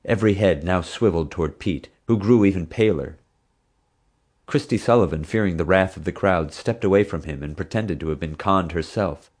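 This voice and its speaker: A man narrating an audiobook in an expressive, dramatic manner. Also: deep voice, moderate pace.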